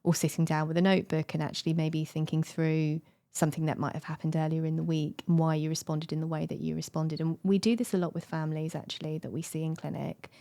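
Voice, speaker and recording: A woman speaking as a psychiatrist guest in an interview, measured and thoughtful with soft hedging. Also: low voice, little pitch movement, creaky, no room sound. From United Kingdom. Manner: measured, thoughtful, soft-spoken with many hedges. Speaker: child and adolescent psychiatrist, guest. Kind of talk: interview conversation.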